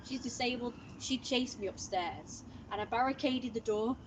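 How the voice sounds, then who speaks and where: A woman's voice: fairly high pitch, moderate pace, background noise. A woman livestreaming from home, telling a long story in casual, rambling chat full of "like" and restarts.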